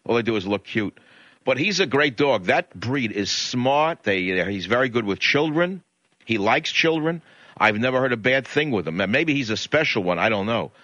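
Ranting male radio host, bright lo-fi. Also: medium pitch, lively intonation, no echo. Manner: ranting, indignant, rapid storytelling. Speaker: radio talk show host. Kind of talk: talk radio monologue. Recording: dull lo-fi radio broadcast.

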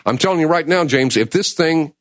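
A man hosting a call-in talk radio show, speaking with urgent, emotional passion that swings between loud and hushed. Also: a little high, lively intonation, fairly quick, dry recording, clean studio sound. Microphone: studio mic.

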